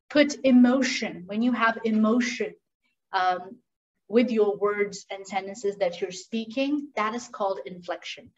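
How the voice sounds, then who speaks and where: Energetic woman trainer, lo-fi sound. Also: a little high, far from the mic. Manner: energetic, questions the audience. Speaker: communication skills trainer. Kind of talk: interactive online workshop talk.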